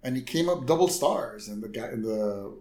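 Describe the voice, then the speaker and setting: A man's voice: mid-range voice, normal speed, echoey room. A man co-hosting a podcast, casually retelling a cartoon episode with frequent laughter. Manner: laughs often, lively retelling. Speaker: podcast co-host. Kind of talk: casual chat recapping an episode.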